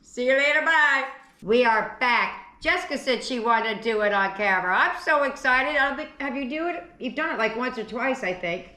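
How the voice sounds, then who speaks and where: A middle-aged woman hosts her home cooking channel in a chatty, giggly, homey way. Her voice is bright and sits a little high. The room around her sounds echoey and hard. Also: expressive, brisk, hardly any pauses. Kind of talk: casual chat while taste-testing food.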